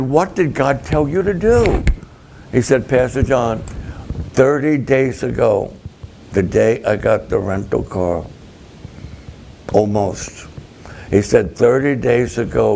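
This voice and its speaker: A man, a pastor, telling a story slowly and dramatically, acting out both sides of the conversations. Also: medium pitch, gravelly, a little mellow, slight background noise. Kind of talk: storytelling sermon to camera.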